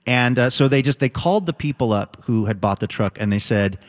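Male co-host, mid-pitched, wry and snarky, casual storytelling with a long reverb tail. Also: lively intonation, brisk, few pauses. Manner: wry, joking, slightly snarky. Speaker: podcast co-host. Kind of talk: casual news chat. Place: lives in the countryside.

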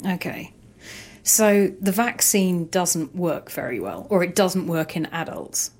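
Husky female interviewer, probing. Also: lowish voice, expressive, takes it slowly, a little mellow. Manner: probing, pushing back. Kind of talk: conversational questioning.

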